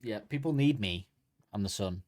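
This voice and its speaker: A man's voice: lowish voice, expressive, normal speed, a little mellow, dry recording, studio quality. A man, co-hosting a comedy podcast in casual chat and slipping into silly voices. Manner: joking, slips into silly put-on voices. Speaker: podcast co-host.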